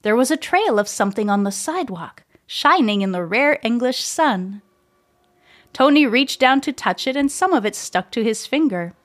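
Female storyteller, gentle and measured storybook reading, fairly high voice. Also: animated. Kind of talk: storybook narration read aloud.

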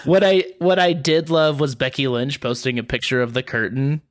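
A man's voice: medium pitch, steady tone, normal speed. A man co-hosting a wrestling podcast, chatting casually and hesitantly with many restarts. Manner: hesitant, full of ums and restarts. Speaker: podcast co-host. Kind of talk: casual chat.

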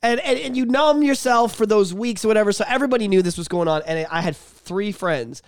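A man with a notably high voice co-hosts a casual podcast, swearing freely and laughing as he talks. The sound is dry and close to the mic, with no room around it. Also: brisk, no room sound. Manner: profane, animated, laughs often. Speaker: podcast co-host.

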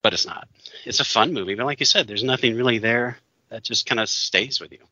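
Man, rambling casual chat, very bright forceful tone, dull lo-fi sound. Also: medium pitch, a little fast, dry recording. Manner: opinionated, rambling, laughs often. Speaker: podcast co-host. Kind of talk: casual chat reviewing a movie.

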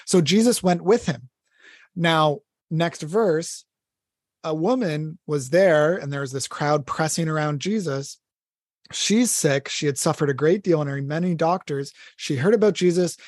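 A man's voice: on the high side, moderate pace, darkish tone, dry recording. Earnest man in a dry-sounding room. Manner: earnest, retells scripture conversationally with many fillers. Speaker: podcast co-host. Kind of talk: casual faith discussion.

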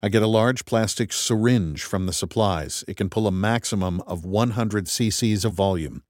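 A man's voice: on the low side, moderate pace, no echo. A man reading a first-person audiobook in a dry, wry and methodical way. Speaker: audiobook narrator. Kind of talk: first-person scripted narration.

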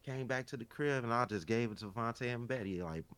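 A man with a Chicago accent and a mid-range, smooth voice talks fairly quickly as he co-hosts a podcast. In casual chat, he tells stories in an animated, loose way, full of profanity and slang.

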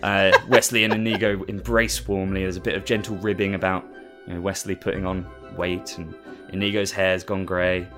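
A man's voice: low-pitched, flat delivery, moderate pace, few pauses, over music. A man casually recapping a story as host, rambling with lots of fillers and laughing at himself. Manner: rambling, with many fillers and restarts, and amused.

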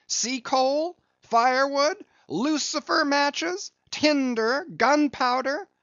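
A man reading an audiobook, voicing a brash, blustering sailor mate who mocks loudly and leaps up in pitch. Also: huge pitch swings, no room sound, highs cut off. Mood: mocking. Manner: loud, mocking, fast-rising outbursts.

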